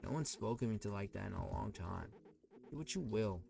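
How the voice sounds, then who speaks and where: Brief: man voicing a solemn, gravelly guardian figure, low and slow. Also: animated, a little mellow.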